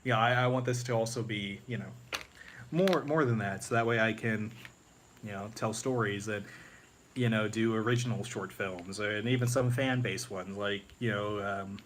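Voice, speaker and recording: A man's voice: fairly low pitch, normal speed, fairly bright tone, a little hiss or hum. A man chatting casually on a live stream, rambling with many fillers and restarts. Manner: rambling, many fillers, breaks into movie-quote impressions. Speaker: YouTube creator on a live stream.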